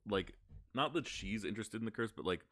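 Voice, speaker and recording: Deep-voiced man running a tabletop game. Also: a little fast. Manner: relaxed, rambling with many fillers. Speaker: game master.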